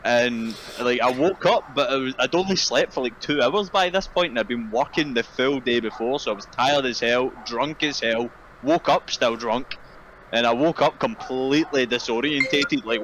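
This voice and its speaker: A man's voice: mid-range voice, moderate pace, fairly bright tone, a little hiss or hum, poor audio. A young man, co-hosting a casual podcast and telling crude, rambling stories. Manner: rambling, laughing storyteller with crude humor. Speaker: podcast co-host. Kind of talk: casual chat.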